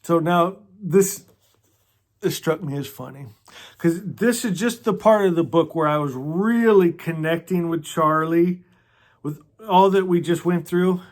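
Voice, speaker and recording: A man hosting a casual book club, talking earnestly and emotionally, often stumbling over restarts and sinking into a soft hush. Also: fairly high pitch, measured pace. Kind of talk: casual book discussion with read-aloud passages.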